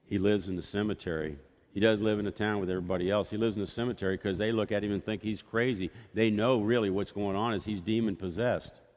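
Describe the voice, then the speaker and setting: Man, pastor, sermon, lower voice, storytelling, long church hall echo. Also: steady tone, fast, a little mellow. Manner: storytelling, acting out voices in quotes. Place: church sanctuary.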